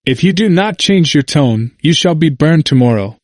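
A man's voice: on the high side, animated, normal speed, dry recording, studio quality, pitched above the performer's own voice. A man voicing cruel, enraged magistrates who threaten prisoners harshly. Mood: raging.

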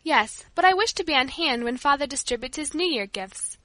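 A woman voicing a frail, gentle invalid girl who speaks with light teasing in a storybook. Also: high voice, expressive, a little fast, no room sound, voice pushed up.

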